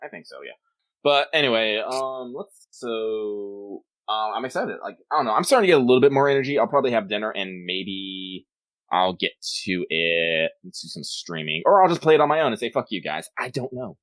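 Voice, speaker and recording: A man co-hosting a casual gaming chat, relaxed, laughing often and trailing off mid-thought. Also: lowish voice, a little fast, no echo. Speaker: podcast co-host.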